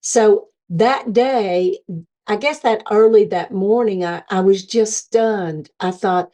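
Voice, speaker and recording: A woman's voice: mid-range voice, normal speed, warm tone. A middle-aged woman telling her near-death experience as personal testimony, earnestly acting out the thoughts she remembers having.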